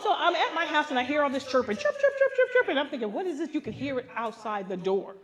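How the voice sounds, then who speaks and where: An older woman pastor telling a comic story at a women's gathering, animated and laughing, acting out the voices of the people in it. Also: high-pitched, quick pace, some chatter behind. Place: live gathering.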